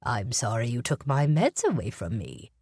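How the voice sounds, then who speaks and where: A woman reading an audiobook, voicing a frail, sharp-eyed old woman, sick in bed, who teases in a wry, blunt way. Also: extremely low pitch, very animated, normal speed, slightly rough, no room sound, clean studio sound, pitched below the performer's own voice, heavily acted. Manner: wry and teasing. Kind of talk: audiobook character voice.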